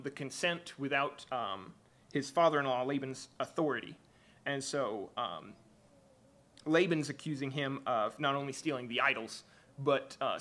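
A man preaching a church sermon and reading aloud from the Bible, halting often with fillers and restarts. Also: medium pitch, pushed and bright. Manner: hesitant, many fillers and restarts.

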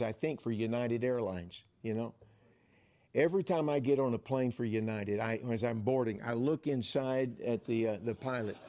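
Middle-aged male pastor, storytelling sermon, mid-pitched, rises in volume for emphasis. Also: darkish tone.

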